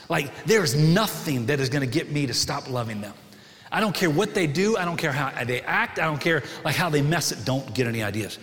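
A middle-aged man preaching a sermon to his congregation in a church, conversational and animated, often asking the room questions. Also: high voice. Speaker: pastor. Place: church sanctuary. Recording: long hall reverb.

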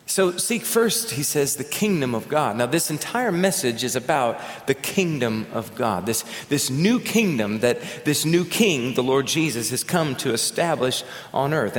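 A man preaching a sermon as pastor, talking in a conversational way and telling stories. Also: fairly high pitch. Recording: echoey hall with long reverb.

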